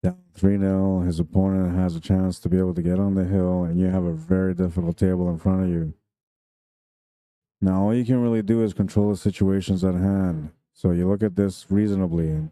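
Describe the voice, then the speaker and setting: A man's voice: low-pitched, mellow, no room sound. A man commentating a pool tournament live stream, chatty and jokey, laughing often between remarks.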